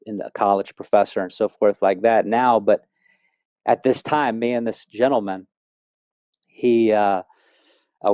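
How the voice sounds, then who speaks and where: A man's voice: fairly low pitch, mellow, no echo. A middle-aged man telling his personal faith testimony in an earnest, rambling way, with many fillers and restarts. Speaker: speaker sharing a testimony.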